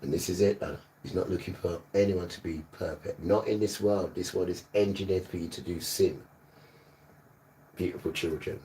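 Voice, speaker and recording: A man's voice: sits low, steady tone, normal speed, mellow, distant mic, a little hiss or hum. A man preaching on a livestream, emphatic and repetitive, sometimes scolding his listeners. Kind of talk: livestreamed sermon.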